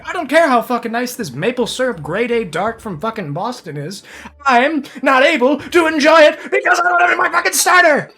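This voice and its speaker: A man ranting as a furious petty husband. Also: sits high. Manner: ranting, profane, escalating shouty tirade. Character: furious petty home-cook husband, hot-tempered.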